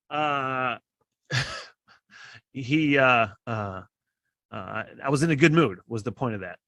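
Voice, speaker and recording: A man's voice: a little high, fairly bright tone, no room sound. A man hosting a podcast, telling a rambling story in a casual, profane way, full of fillers and laughs. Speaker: podcast host. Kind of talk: casual monologue. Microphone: podcast microphone.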